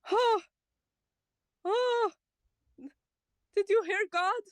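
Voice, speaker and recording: A woman voicing a timid male farmer who stammers and pleads in a high voice during a tabletop game. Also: extremely slow, no room sound, heavily acted. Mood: bewildered. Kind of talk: tabletop role-play voice.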